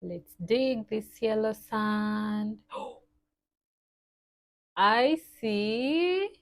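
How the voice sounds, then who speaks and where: A young woman leads a lesson for toddlers in a fairly high voice. She speaks very slowly and cheerfully in an exaggerated sing-song, stretching words and imitating animal sounds. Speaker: children's teacher.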